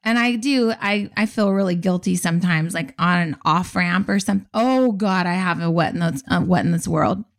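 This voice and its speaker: A woman co-hosting a podcast, telling a story in a lively, dramatic way in casual chat. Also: on the low side, normal speed, hardly any pauses. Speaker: podcast co-host.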